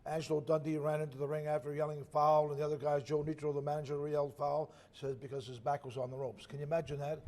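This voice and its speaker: A man's voice: on the high side, level tone, fast talker, hardly any pauses, darkish tone. An older man, a retired boxer, telling old fight stories in a casual interview, rambling and correcting himself as he goes. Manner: rambling, self-correcting, chuckles at own stories.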